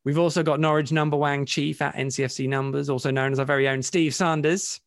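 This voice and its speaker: A man's voice: fairly high pitch, level tone, fast talker, no room sound, clean studio sound. A man hosting a casual podcast over a video call, rambling and self-mocking, laughing often. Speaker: podcast host.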